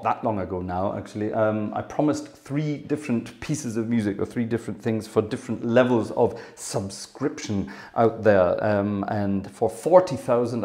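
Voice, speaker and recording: A British organ-channel host speaks from his music room in a lowish voice with a dark tone. He's a bit breathless as he rambles through a casual update, peppered with ums and yeses.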